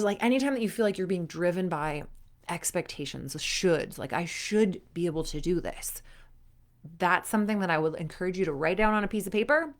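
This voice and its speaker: Chatty woman performance coach, lower voice. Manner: chatty, frequent "like" fillers, acts out inner voices. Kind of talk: casual coaching talk.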